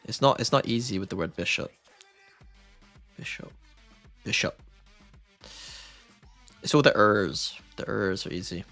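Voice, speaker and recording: A man with a low, gravelly voice and a bright, forceful edge, chatting loosely on a live stream. He rambles, jokes and argues back with his chat. Music plays faintly behind him. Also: lively intonation, a little fast, hardly any pauses. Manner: rambling, joking, argumentative with chat. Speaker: streamer watching esports.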